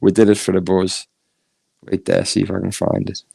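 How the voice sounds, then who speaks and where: A man's voice: low voice, completely flat delivery, normal speed, vocal fry, mellow, slightly rough, no echo. A man with a Northern English accent chatting casually on a live stream, laughing often and reading chat comments aloud. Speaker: YouTube streamer.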